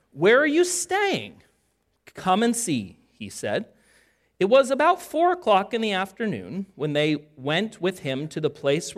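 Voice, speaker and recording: A pastor preaching a sermon and reading scripture aloud, talking conversationally and asking the listeners questions. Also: mid-range voice.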